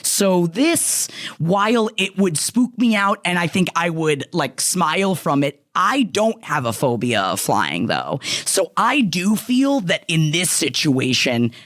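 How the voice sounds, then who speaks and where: A woman's voice: on the low side, sing-song, takes it slowly, a bit bright, dry recording, clean studio sound. A woman co-host in casual podcast chat, chatty and swearing casually.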